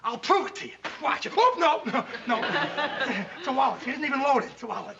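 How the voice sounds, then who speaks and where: An actor playing a nervous carpenter posing as a doctor in a 1960s sitcom, rambling and flustered. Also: male voice, very high-pitched, animated, gravelly, background noise, heavily acted. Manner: flustered, rambling, quick self-corrections. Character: nervous male carpenter faking a doctor, fast-talking. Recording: dull 1960s TV audio, studio audience laughter.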